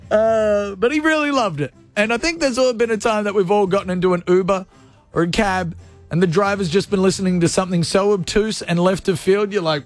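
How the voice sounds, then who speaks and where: A man's voice: high voice, fairly quick, soft background music. A man hosting a live radio show, chatting in a casual, irreverent, joking way and laughing often. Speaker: radio host.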